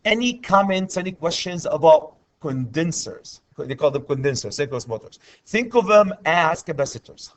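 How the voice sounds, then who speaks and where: A man's voice: a little high, expressive, normal speed, hardly any pauses. A man teaching an electrical class, often stopping to ask students for questions. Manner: repetitive, checks in with students often. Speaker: electrical instructor. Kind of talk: classroom lecture.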